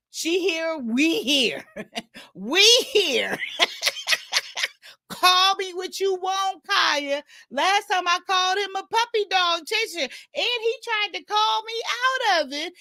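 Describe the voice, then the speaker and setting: A woman's voice: extremely high pitch, lively intonation, a little slow, bright, forceful tone, dry recording. A woman hosting a casual livestream chat, teasing her guests and laughing often. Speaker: livestream host.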